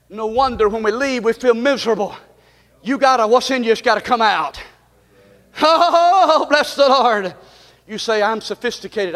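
Pastor guy shouting an easter sermon, real high sharp voice. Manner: shouting, preaching in bursts. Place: church sanctuary. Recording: long church reverb.

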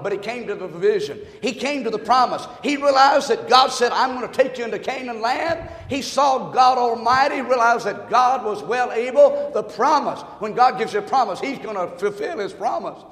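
Man preaching, high voice, folksy, quiet to shouting, long reverb in a church hall. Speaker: pastor. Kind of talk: sermon with a joke story. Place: church sanctuary.

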